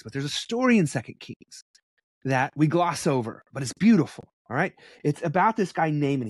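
A man teaching from the Bible in a casual preaching style, conversational and animated with blunt asides. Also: mid-range voice, no echo, studio quality.

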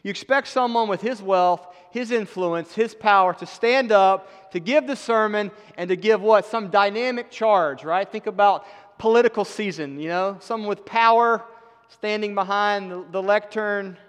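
A man with a fairly high voice delivers a sermon in a church. His talk is conversational and emphatic, with dry asides, and a long reverb trails his words. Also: moderate pace, fairly bright tone, smooth. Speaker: pastor. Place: church sanctuary.

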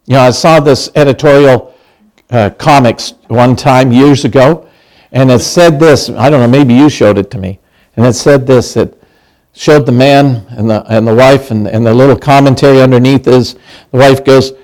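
A man's voice: medium pitch, steady tone, normal speed, darkish tone. A man in his sixties preaching a sermon as pastor, conversational and humorous, acting out quoted lines.

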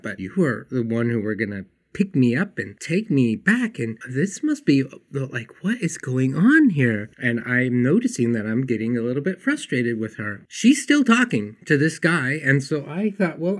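A man's voice: medium pitch, a bit bright. A man hosting a self-help podcast, telling a personal story and acting out the people in it, then explaining an idea to his listeners. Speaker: podcast host.

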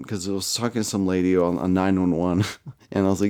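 Brief: podcast host, man, low dark voice, profane and laughing storyteller. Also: fairly even intonation, rapid-fire, smooth. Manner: profane, laughs often while telling. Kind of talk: casual storytelling.

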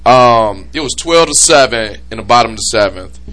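A man hosting a casual podcast chat, excitable and prone to loud laughing outbursts. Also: mid-range voice, moderate pace. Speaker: podcast host.

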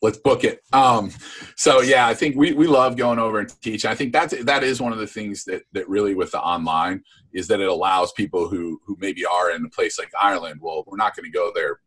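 A man's voice: on the low side, brisk, a bit bright, husky. A man guest on a podcast, talking casually and rambling with many fillers about his coaching course. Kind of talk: casual interview chat.

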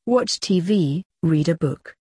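A woman's voice: lowish voice, animated, takes it slowly, warm tone, slightly rough, dry recording, clean studio sound, full character voice. A woman voicing a grumpy, ancient male doctor who grumbles wearily. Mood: grumbling. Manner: grumbling and weary.

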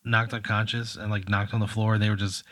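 Rambling man, low voice, dry close mic. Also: little pitch movement, fast, fairly bright tone, no room sound. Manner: rambling, many fillers, laughing at his own jokes. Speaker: host running an improvised scenario. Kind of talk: casual improvised storytelling.

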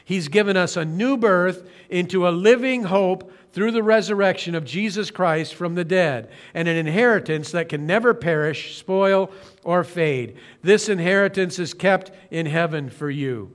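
Male pastor with a higher-pitched voice, earnest and slow-phrased sermon delivery, occasional self-corrections. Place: church streaming service.

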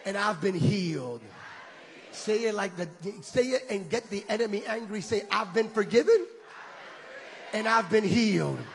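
A man preaching a sermon with impassioned shouted peaks, leading his congregation in call-and-response. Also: high-pitched, expressive, normal speed, vocal fry, slight background noise. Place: church sanctuary. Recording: long reverb of a large hall.

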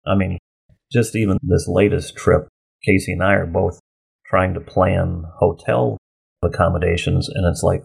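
Low husky guy chatting about teaching his class, repeats himself a bit. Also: steady tone. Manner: chatty, repeats words, quick asides. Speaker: college instructor co-teaching a course. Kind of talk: casual conversation.

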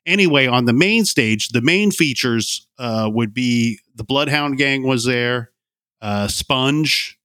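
A man's voice: medium pitch, slow, pushed and bright, no echo. Dry-voiced man telling rambling stories. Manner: rambling, meandering storyteller with frequent fillers. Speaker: podcast host. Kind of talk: casual chat.

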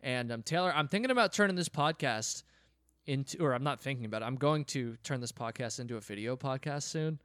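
A man's voice: mid-range voice, expressive, brisk, a bit bright, dry recording, clean studio sound. A man hosting a podcast who chats in an easygoing way, laughs along with his guest and wraps up the episode. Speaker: podcast host. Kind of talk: casual interview chat.

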